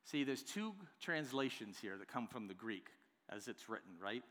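A man preaching a sermon to his church, swinging between hushed, drawn-out lines and loud, emphatic ones. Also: lowish voice, animated. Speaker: pastor. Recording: long hall reverb.

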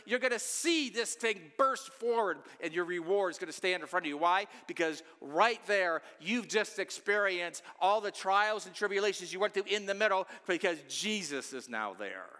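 Preaching man in a bright, reverberant church. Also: sits high. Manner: preaching with sudden loud pleading outbursts. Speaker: pastor. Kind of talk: Easter sermon. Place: church sanctuary.

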